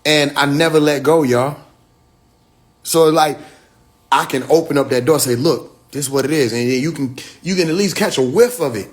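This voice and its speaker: A spiritual speaker with a slightly high voice talks loosely and warmly to followers on a livestream at a moderate pace. He slips into slangy stories, acts out the lines of the people in them, and laughs between points while calling on his listeners directly.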